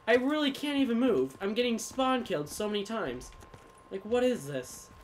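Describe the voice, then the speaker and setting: A man giving live gameplay commentary as a gaming YouTuber, swinging from low muttering to sudden yelling. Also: big pitch swings, normal speed, a little hiss or hum.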